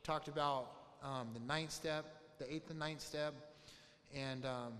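A man's voice: fairly high pitch, steady tone, measured pace, a bit bright. Man telling a candid story in a hall. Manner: candid, profane, retells dialogue in quotes. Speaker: speaker sharing a recovery story. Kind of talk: personal storytelling to a group. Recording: long hall reverb, faint noise.

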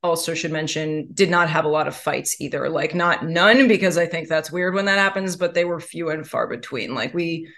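A woman guest talks through her story in a candid, chatty way, leaning on "like" again and again. Her voice carries a steady vocal fry with a gravelly edge. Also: low-pitched, moderate pace, hardly any pauses. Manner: chatty, heavy use of "like" fillers.

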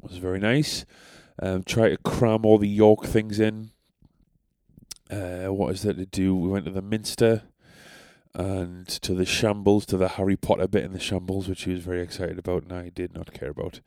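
A man's voice: low-pitched, flat delivery, moderate pace, darkish tone, dry recording. A young man who tells stories on a podcast in a rambling, sweary, self-deprecating way. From North East England. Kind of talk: casual storytelling.

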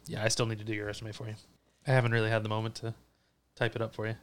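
A man's voice: on the low side, completely flat delivery, racing, a bit bright. A man co-hosting a casual podcast, teasing his friend in a dry way, with many hesitations. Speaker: podcast co-host. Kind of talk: casual chat.

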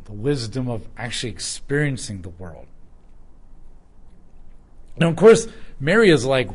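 A man giving a casual, conversational Bible teaching, acting out little dialogues and saying "like" often. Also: a little high. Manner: conversational, acts out dialogue with filler "like".

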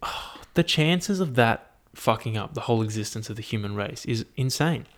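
A man's voice: mid-range voice, moderate pace. A young man, musing aloud in a casual, profane monologue full of fillers. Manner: profane, animated, thinks aloud with many fillers.

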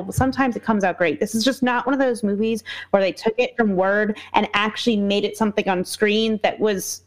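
Emphatic, swearing woman in casual chat. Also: medium pitch. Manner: emphatic and profane. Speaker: podcast co-host. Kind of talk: casual movie review chat.

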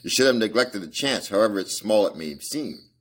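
Man doing a boastful police detective, lowish voice. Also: lively intonation, moderate pace, fairly bright tone, husky. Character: Gregson, proud male police detective.

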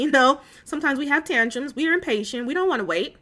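Earnest woman talking faith, rather high voice. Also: expressive, fast, hardly any pauses, sharp tone. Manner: earnest, emotional, chatty with many fillers. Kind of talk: casual faith talk. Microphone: phone call.

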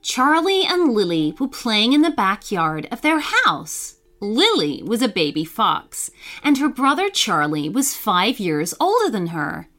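A woman narrating a bedtime story for children, reading slowly and expressively. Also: mid-range voice, huge pitch swings, a bit bright, soft background music.

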